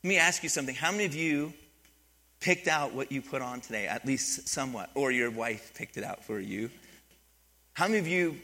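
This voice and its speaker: This middle-aged man is a pastor preaching with real animation, his voice sitting at medium pitch and moving briskly. He often goes quiet before building again, and keeps asking his congregation questions.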